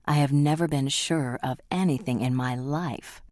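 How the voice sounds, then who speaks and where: A woman's voice: rumbling low, normal speed, darkish tone, dry recording, clean studio sound. A woman doing a cold, vengeful young Scotsman. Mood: cocky. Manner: harsh, mocking. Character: vengeful young Scottish man, cold and scheming.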